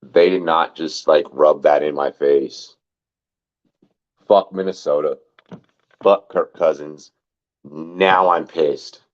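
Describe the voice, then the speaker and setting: On a fantasy football podcast with dull lo-fi sound, the male host talks in a steady bass voice, slowly and with long pauses. His casual sports talk is loose and rambling, full of repeated words and "like," with some swearing.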